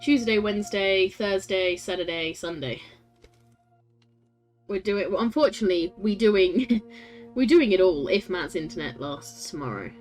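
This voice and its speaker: A woman's voice: mid-range voice, animated, a little slow, darkish tone, faint music behind. A woman streaming a story game, chatting with her viewers, laughing often and swearing casually.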